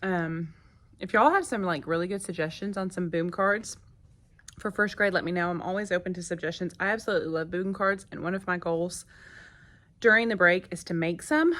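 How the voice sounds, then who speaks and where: A first grade teacher talks casually to her phone camera in her classroom, vlog-style, with plenty of fillers and asides. Her voice sits on the low side and has a slightly bright quality.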